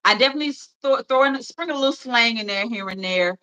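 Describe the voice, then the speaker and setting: Bright-voiced Memphis woman chatting. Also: fairly high pitch, fast, dull audio. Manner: rambling and chatty, with many fillers and laughs. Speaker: livestream host. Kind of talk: casual chat.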